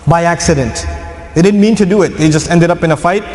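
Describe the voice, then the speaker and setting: A man preaching and telling a story to an audience, lively, acting out the voices of the people in it. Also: a little high, quick pace. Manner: animated, acts out quoted voices. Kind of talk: lecture storytelling. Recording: echoey hall.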